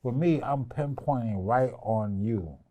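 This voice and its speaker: A man's voice: mid-range voice, measured pace, mellow. A man coaching a young actress in a casual interview, playful and teasing, sometimes breaking into song. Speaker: acting coach.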